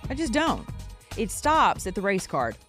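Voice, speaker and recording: A woman's voice: medium pitch, wildly swooping pitch, a little slow, over music. A woman hosting her own talk show, ranting bluntly with sarcastic asides. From living in Atlanta. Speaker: show host; recording artist. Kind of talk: opinion talk show monologue.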